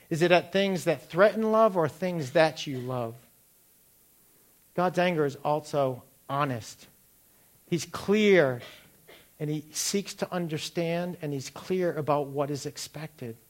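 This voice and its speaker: A middle-aged man giving a sermon, asking the listeners direct questions and telling personal stories. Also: fairly high pitch. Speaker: pastor.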